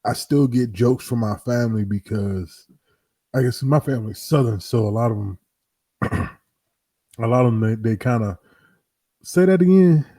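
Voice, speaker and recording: A man's voice: medium pitch, steady tone, normal speed, mellow, dry recording, far from the mic. A man co-hosting a casual comedy podcast who laughs often and tells family stories with mimicry. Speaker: podcast co-host.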